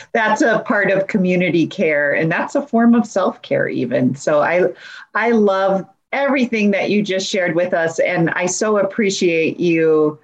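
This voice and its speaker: A woman's voice: lowish voice, animated, unhurried, lo-fi sound. A woman hosting a podcast interview, effusive and bubbly, laughing easily with her guest. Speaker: podcast host. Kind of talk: casual interview chat.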